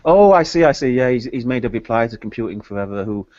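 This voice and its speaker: A man's voice: medium pitch, animated, fast, a little mellow, dry recording. A man in a casual group chat, opinionated and hesitant, often repeating his words. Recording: dull lo-fi online call audio.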